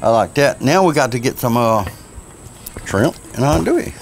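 A man's voice: mid-range voice, very animated, moderate pace, gravelly, noisy background. A man with a Cajun Louisiana accent chatting folksily through a cooking demo outdoors at a pizza oven. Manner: folksy, chatty, says y'all a lot. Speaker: cook.

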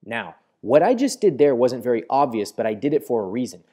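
Expressive man with a mellow, lively voice. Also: medium pitch. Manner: expressive, varied intonation, deliberate slowing. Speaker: host. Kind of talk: instructional talk to camera. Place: studio.

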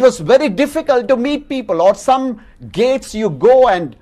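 A man's voice: very high-pitched, animated, normal speed, few pauses, dark tone. A man, a pastor preaching a sermon and telling stories with chuckles at his own anecdotes.

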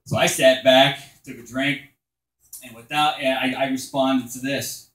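Crude stand-up comic in an echoey bar. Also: male voice, mid-range voice, fairly even intonation, measured pace. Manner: crude, loose storytelling with shouted punchlines. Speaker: stand-up comedian. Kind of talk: open mic stand-up. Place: small bar stage.

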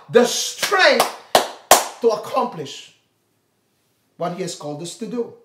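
Male pastor, high voice, dynamic preacher moving between loud emphasis and hushed prayer, echoey sanctuary sound. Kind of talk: sermon.

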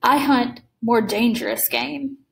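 A woman reading aloud and voicing a suave, menacing aristocratic male hunter who speaks with slow courtly calm. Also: sits high.

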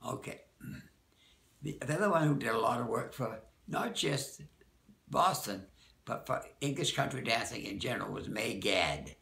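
An older man, a dance teacher, recalling people from the past in a rambling, halting way, often correcting himself. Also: mid-range voice, lively intonation, vocal fry, bright, forceful tone, echoey room. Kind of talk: oral-history reminiscence.

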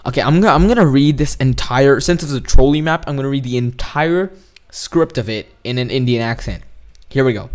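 A man commentating his own horror game run, talking straight to his viewers. He is jumpy and excitable, breaking into startled yelps, and his pitch sits in an ordinary middle range. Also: a little fast. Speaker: gaming video host. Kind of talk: let's play commentary.

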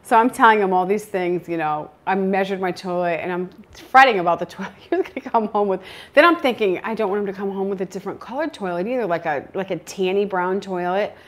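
This is a woman hosting her own homestead channel, chatting casually at her usual pitch. She tells stories in an animated, chatty way and laughs often. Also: fast. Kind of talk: casual chat.

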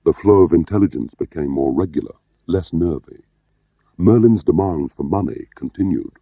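A man narrating an audiobook in a measured, understated way. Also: low voice, warm tone, no echo. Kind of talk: scripted narration. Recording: dull lo-fi audio.

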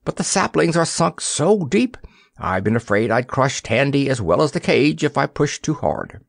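A man's voice: medium pitch, sing-song, normal speed, gravelly, no echo, voice pushed up. A man voicing a kindly, protective female hippopotamus who talks sharply and earnestly in an audiobook.

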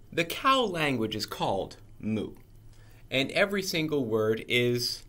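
A man reading a children's picture book aloud in a playful, animated way. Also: medium pitch, measured pace. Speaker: storybook reader.

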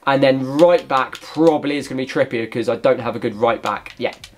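A man giving gameplay commentary as a gaming YouTuber, excitable and shouting at the game. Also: mid-range voice, fairly quick, a little hiss or hum.

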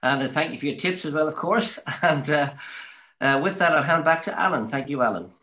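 A man co-hosting an interview, thanking the guest in a quick, halting way before handing back to the host. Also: fairly high pitch, pushed and bright.

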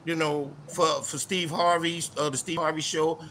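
A male comedian talking loudly and animatedly as a guest in a casual interview chat. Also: fairly high pitch, moderate pace, slight background noise. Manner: loud, animated storyteller.

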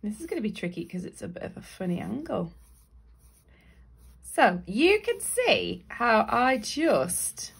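A woman with a Northern English accent talks through a drawing lesson, thinking aloud as she sketches. Her voice has a gravelly edge and a husky grain. She sounds chatty and unhurried. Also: medium pitch, sing-song. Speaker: illustrator teaching drawing. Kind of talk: live drawing tutorial.

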